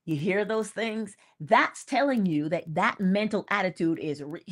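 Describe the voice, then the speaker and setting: A woman hosts an inspirational morning talk in a casual, emphatic way, repeating key phrases and laughing between points. Her voice is medium-pitched and animated, and she keeps a measured pace.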